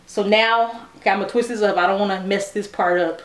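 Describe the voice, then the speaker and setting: A woman vlogging at home, chatting excitedly with her viewers while demonstrating a hair brush. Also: mid-range voice, quick pace, few pauses, a little hiss or hum. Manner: excitable, chatty, addresses viewers as "you guys". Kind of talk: casual product demo chat. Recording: echoey room.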